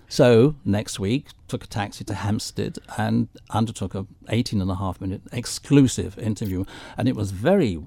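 A man's voice: fairly low pitch, normal speed, gravelly, hardly any pauses, dark tone, no room sound. An older man telling theatrical anecdotes as a guest on a radio chat show. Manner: theatrical storyteller.

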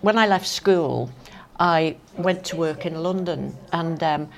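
An older woman with a Manx accent recounts old memories in a chatty, storytelling way. Her voice sits low. She talks in loose, lively asides, like a guest chatting easily. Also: slow. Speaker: interview guest. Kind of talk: casual reminiscing anecdotes.

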